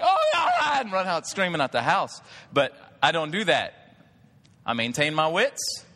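A man preaching a storytelling sermon, animated, swinging from hushed asides to loud excited bursts. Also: mid-range voice. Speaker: pastor. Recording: long hall reverb.

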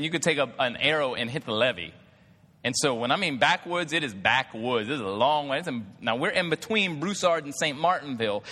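A man preaching a storytelling sermon, animated, swinging from hushed asides to loud excited bursts. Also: mid-range voice. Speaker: pastor. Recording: long hall reverb.

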